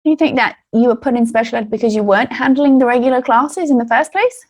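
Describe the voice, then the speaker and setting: A woman with a slightly high voice interviews her guest. She mostly gives short prompts and follow-up questions in an easy conversational way. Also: quick pace.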